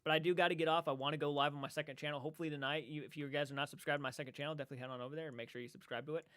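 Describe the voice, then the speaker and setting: Male livestream host, casual chat, rambling, excitable, bright voice, dry close sound. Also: on the high side, rapid-fire, no echo. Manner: rambling and excitable, many restarts. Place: indoor room.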